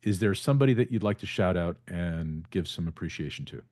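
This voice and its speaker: A man's voice: low voice, lively intonation, a little fast, a little mellow, no echo, studio quality. A man hosting a podcast interview, casual and appreciative of his guest. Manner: upbeat, appreciative. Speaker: podcast host.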